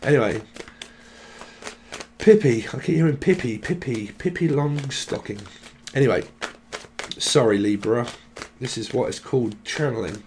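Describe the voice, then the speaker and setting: A man's voice: mid-range voice, measured pace, long pauses, a little mellow, a little hiss or hum. A man reads tarot in a rambling, stream-of-thought way. He hops from name to name and word to word, tossing in jokes as he goes. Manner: free-associating, joking, lists names and words. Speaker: tarot reader. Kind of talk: rambling channeled tarot reading.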